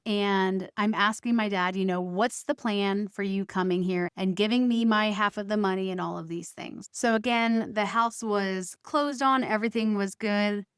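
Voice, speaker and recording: A woman's voice: medium pitch, clean tone, no room sound. Woman telling a personal story, dry sound. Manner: recounts arguments, quoting both sides with emphatic stresses. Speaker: podcast host.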